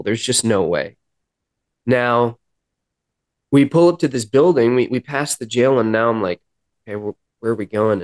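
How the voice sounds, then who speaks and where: A man guest on a podcast, earnestly telling a personal story and acting out dialogue, with halting restarts. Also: medium pitch, a little mellow, no room sound. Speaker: podcast guest, musician in recovery. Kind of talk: personal storytelling in a sit-down interview.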